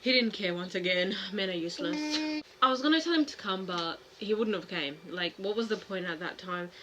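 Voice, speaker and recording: A young woman vlogger frankly telling a personal story to camera in a casual, animated way, acting out what people said. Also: mid-range voice, a little fast, slight background noise. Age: young adult. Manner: frank, animated, acts out quoted voices.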